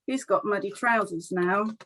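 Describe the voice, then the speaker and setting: A middle-aged woman leading a children's storytime over a video call, reading a picture book aloud in an animated, expressive, friendly way. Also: mid-range voice, measured pace, rough recording. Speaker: storytime session leader.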